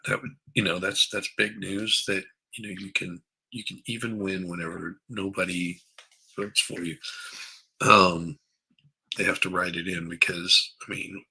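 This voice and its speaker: A groggy livestream host, tired after a late night, rambles through a casual morning stream from his basement at home on a headset, repeating words and greeting viewers by name. His voice sits low, creaky, pushed and bright, slightly rough, and the audio is poor.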